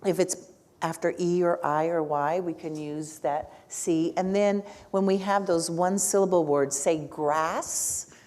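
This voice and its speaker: Woman teacher, lower voice. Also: fairly even intonation, unhurried, a little mellow. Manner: asks the audience frequent questions, tags with "right?". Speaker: speech language pathologist teaching a workshop. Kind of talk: live classroom lecture.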